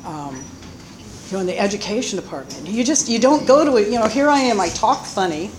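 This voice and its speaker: A middle-aged woman from Florida with a Southern accent, telling her own life story in a halting way, full of pauses and fillers. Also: medium pitch, expressive, a little hiss or hum. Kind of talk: personal life story, told unscripted.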